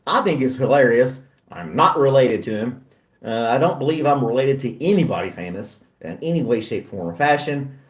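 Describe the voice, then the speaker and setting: A man's voice: mid-range voice, animated, moderate pace. Middle-aged man, casual chat host, laughs a lot, self-deprecating, roomy distant mic.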